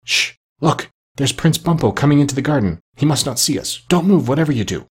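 A shrewd, bossy parrot hen, as a male narrator puts her on, pitched above his own breathy voice. She talks in hushed, urgent bursts and loses patience fast. A storybook audiobook character. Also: animated.

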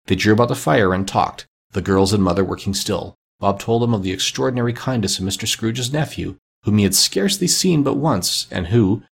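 A man narrating classic fiction as an audiobook, with measured, expressive storytelling. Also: on the low side, vocal fry, slight background noise.

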